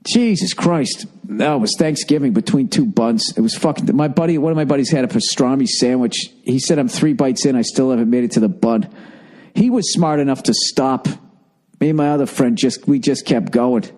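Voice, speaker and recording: A man's voice: mid-range voice, moderate pace, darkish tone. A middle-aged man hosting a solo podcast, rambling in a profane, exasperated comic rant, overfull and thirsty. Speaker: podcast host.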